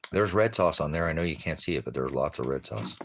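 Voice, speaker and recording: Brief: man with an extremely deep voice, casual desert cooking vlog, eats and talks at once, faint background noise. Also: animated, quick pace, vocal fry. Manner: talks with mouth full between bites. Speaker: vlogger. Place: outdoors in the desert.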